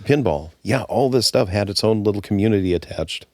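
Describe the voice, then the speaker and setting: A man, a former brewery owner, talking casually as a guest in an interview, relaxed and halting with restarts. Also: on the low side, no echo, studio quality. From United States.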